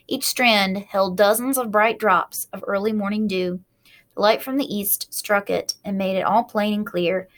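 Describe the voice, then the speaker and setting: A woman's voice: mid-range voice, fairly bright tone. A woman reading a children's book aloud, adding casual asides between passages. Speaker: reader.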